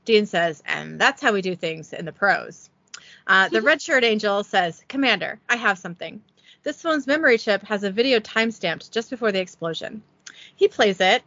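Bright, lively woman recapping a script. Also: medium pitch, no echo, muffled recording. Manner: giggly, self-deprecating, reads quotes with little voicing. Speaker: podcast host recapping an episode. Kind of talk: casual chat reading a script recap aloud.

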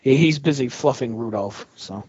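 A man co-hosting a casual podcast while watching wrestling, making dry deadpan jokes that trail off quietly. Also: medium pitch, normal speed, breathy edge, no room sound, muffled recording. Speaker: podcast co-host.

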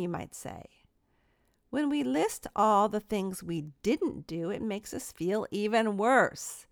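A middle-aged woman gives an earnest devotional talk, telling small stories from home with self-deprecating humor. Her voice has a gravelly creak, and the recording is dry and close to the mic. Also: medium pitch, animated, takes it slowly, dry recording. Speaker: Christian speaker.

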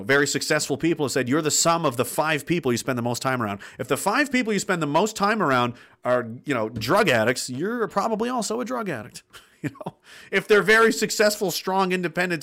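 Guy ranting on his stream, swears a lot, blunt, reads chat out loud. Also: on the high side. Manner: profane, blunt and ranting, laughs between points. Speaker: livestream host reading chat comments. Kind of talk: casual ranting livestream talk.

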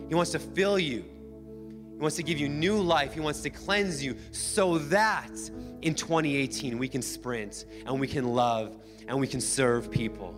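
A man's voice: fairly high pitch, unhurried. A male pastor preaching a sermon in a church, emphatic and repetitive, returning to the same phrases again and again. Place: church sanctuary. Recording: long hall reverb with band music.

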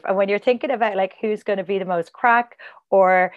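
A woman's voice: medium pitch, steady tone, fairly quick, muffled recording. A woman guest on a casual podcast, chatty and rambling, full of "like" and side tangents.

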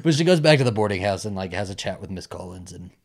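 A man's voice: fast talker, creaky, background noise. A man co-hosting a podcast, talking casually about a film, swearing freely and acting out characters. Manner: animated, swearing, mimics characters in high voices. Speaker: podcast co-host.

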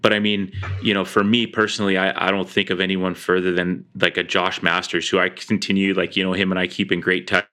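A man's voice: deep voice, flat delivery, brisk, hardly any pauses, bright, forceful tone. A man hosting a podcast interview, asking long, rambling questions full of fillers. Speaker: podcast host. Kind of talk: casual interview.

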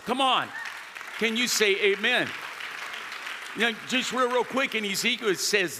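A man preaching a sermon as pastor, calling to the congregation and rising to shouts. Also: sits high, measured pace, a faint crowd, slight background noise. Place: large church hall. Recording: long hall reverb.

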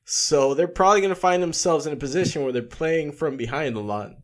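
A young man co-hosting a podcast, chatting in a relaxed way and laughing easily. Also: on the high side, a little fast. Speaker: podcast co-host. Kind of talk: casual sports chat.

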